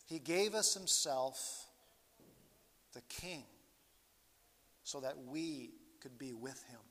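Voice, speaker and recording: A man preaching a sermon as pastor, slow and earnest, his voice swelling and falling in loudness as he stresses each point. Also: mid-range voice, animated, a little hiss or hum. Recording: long hall reverb.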